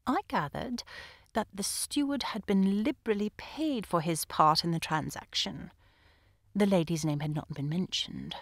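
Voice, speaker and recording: A woman narrating an audiobook in the first person, with an expressive, lively delivery. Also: lowish voice, no room sound, studio quality. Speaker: audiobook reader. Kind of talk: scripted narration.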